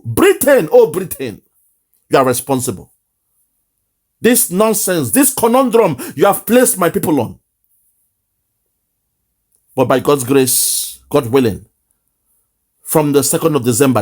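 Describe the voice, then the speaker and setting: Impassioned Nigerian man, lively voice. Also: on the high side, measured pace, long pauses. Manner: lamenting, repetitive, emphatic. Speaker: online commentator. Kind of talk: impassioned political commentary.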